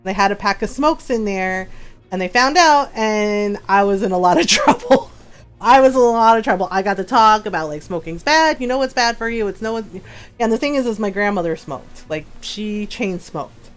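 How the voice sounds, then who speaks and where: A woman's voice: mid-range voice, big pitch swings, moderate pace. A woman streamer telling stories in casual chat, laughing often and acting out the voices of people in her stories.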